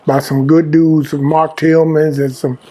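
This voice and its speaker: A male podcast host with a fairly high voice keeps the chat loose. He swears freely and jokes with his guest. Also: little pitch movement, unhurried, mellow. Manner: loose, profane banter. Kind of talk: casual chat.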